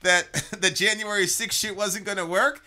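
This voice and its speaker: A man's voice: sits high, fairly even intonation, moderate pace, bright, forceful tone. A man co-hosting a podcast, ranting casually and animatedly, swearing and tripping over repeated words. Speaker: co-host of a reaction podcast. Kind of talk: casual political rant.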